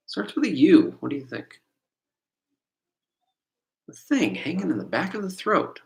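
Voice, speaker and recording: A man's voice: fairly high pitch, sing-song, measured pace, vocal fry, pauses often, low-quality recording. A middle-aged man teaching exam prep on a live stream, rambling casually and firing questions at viewers. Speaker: test prep instructor. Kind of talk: live-stream quiz lesson. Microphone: computer mic on a live stream.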